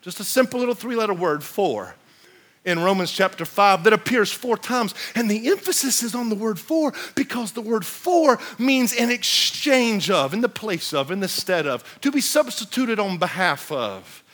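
High, bright-voiced preacher shouting refrains. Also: male voice, animated, moderate pace, hardly any pauses. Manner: preaching with shouted refrains and sudden drops to a low hush; reads scripture in old-fashioned biblical wording. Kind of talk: sermon.

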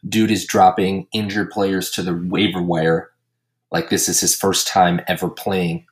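A man with a very low voice runs a casual comedy podcast. He recaps the week in a crude, joking, deadpan way, roasting everyone in turn. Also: unhurried. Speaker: podcast host and league commissioner.

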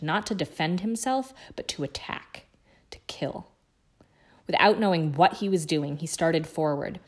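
A woman guest reader narrating a novel chapter aloud in a measured, hushed way. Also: lowish voice.

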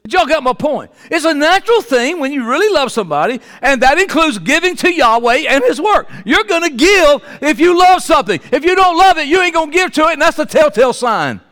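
A male pastor, preaching a sermon and swinging between loud high exclamations and low, quiet asides. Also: big pitch swings, a little fast, few pauses, big-room sound.

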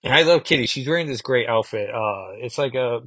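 A man's voice: medium pitch, a little fast, fairly bright tone, breathy edge, no room sound. A man in his thirties chatting casually in a rambling way, reviewing comic books, with frequent fillers.

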